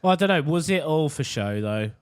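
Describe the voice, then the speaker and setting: A man's voice: on the high side, animated, a little fast, clear, resonant tone, dry recording, clean studio sound. A man with a Yorkshire accent, co-hosting a podcast in casual banter, swearing and laughing freely. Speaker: podcast co-host.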